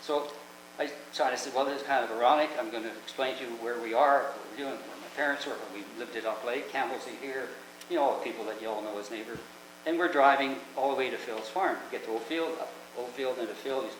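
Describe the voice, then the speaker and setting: A man's voice: medium pitch, brisk. Older man rambling through stories. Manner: rambling, chatty, with frequent restarts. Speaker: host. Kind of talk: casual anecdotal storytelling. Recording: echoey room with background noise.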